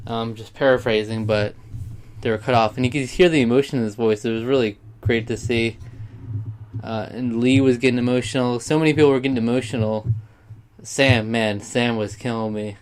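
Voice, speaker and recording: Young male vlogger, mid-pitch voice, casual and meandering, talks earnestly and loses his thread. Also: steady tone, a little fast, clear, resonant tone. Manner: rambling, sidetracked, heartfelt. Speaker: YouTuber. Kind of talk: casual vlog monologue.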